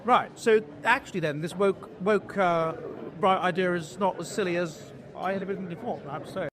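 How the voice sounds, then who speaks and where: A man with a high voice, thinking aloud quickly and musing over an idea. He is recorded outdoors with a loud crowd behind him.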